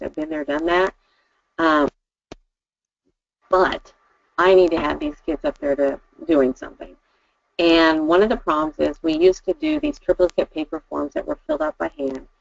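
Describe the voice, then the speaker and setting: A woman's voice: medium pitch, creaky, dry recording. A middle-aged woman teacher giving a conversational talk to fellow educators, chatty and practical, with frequent ums and upbeat asides. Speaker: in-school suspension teacher. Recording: dull lo-fi dry recording.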